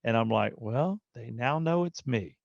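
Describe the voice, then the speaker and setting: A man with a gravelly, creaky voice tells a casual story on a podcast. He leans into the quotes and gives each person in it an animated voice of their own. The sound is dry and a little dull. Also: medium pitch, unhurried, no echo. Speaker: podcast co-host.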